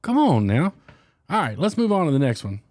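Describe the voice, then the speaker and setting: A man's voice: fairly high pitch, very animated, fairly quick, a little mellow, dry recording, clean studio sound. A man hosting a fishing channel, chatting casually and candidly to camera in a rambling, joking way.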